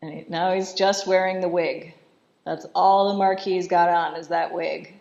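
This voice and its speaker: A woman talks through a film scene by scene in a loose, chatty way, filling her sentences with "like." Her voice sits low with a gravelly fry, and the recording sounds dull and lo-fi. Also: flat delivery, normal speed, darkish tone. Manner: chatty, says "like" constantly, laughs often. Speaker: film commentator. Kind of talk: casual film recap commentary.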